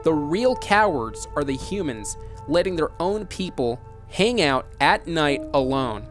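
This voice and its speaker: Killer clown ringleader, scornful and slow, voiced by a male announcer, pitched a touch high. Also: sing-song, faint music behind. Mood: defiant.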